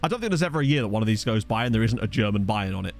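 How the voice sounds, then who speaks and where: Lively chatty man commentating a game. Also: lowish voice. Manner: chatty, joking, reacts with quick exclamations. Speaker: gaming video host. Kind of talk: casual gameplay commentary. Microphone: desk USB microphone.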